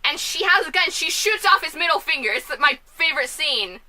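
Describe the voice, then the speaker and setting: Woman vlogger at home, high bright voice, rambling and excitable. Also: slight background noise. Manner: chatty, scatterbrained, quick bursts of loud outrage. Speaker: film and musical reviewer. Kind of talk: casual vlog commentary. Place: at home, family asleep next door.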